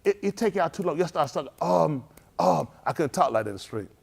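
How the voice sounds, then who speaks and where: A man's voice: on the high side, a little fast, gravelly, husky. A middle-aged man preaching on a livestream, telling street stories and acting out the dialogue while scolding his listeners. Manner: animated storytelling, acts out dialogue, scolding the audience.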